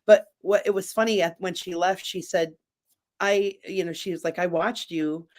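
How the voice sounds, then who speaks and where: A man's voice: high voice, fairly even intonation, moderate pace. Rambling, chatty man on a talk show. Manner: chatty, rambling with frequent restarts. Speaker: guest. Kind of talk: candid casual chat.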